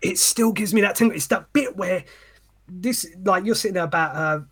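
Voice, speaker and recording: A man on a podcast, ranting and swearing in animated casual chat. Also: sits high, normal speed, husky. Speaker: podcast co-host.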